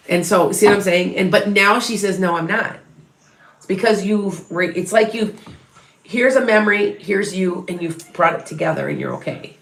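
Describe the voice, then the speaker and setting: A middle-aged psychic medium gives readings to her viewers, chatty and rambling, frequently restarting and correcting herself. Her voice is on the low side and a bit bright, with roomy echo in the recording.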